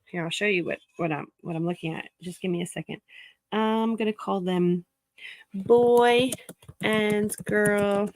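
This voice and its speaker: A woman's voice: medium pitch, unhurried, no echo, low-quality recording. A woman chatting casually with livestream viewers as she works, laughing often and greeting them by name. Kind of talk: casual livestream chat while working.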